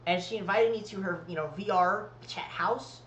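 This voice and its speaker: A man's voice: sits high, moderate pace, a bit bright, echoey room, slight background noise, low-quality recording. A man co-hosting a podcast, telling long, rambling stories full of swearing in casual chat. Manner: rambling, profane, storytelling. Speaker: podcast co-host.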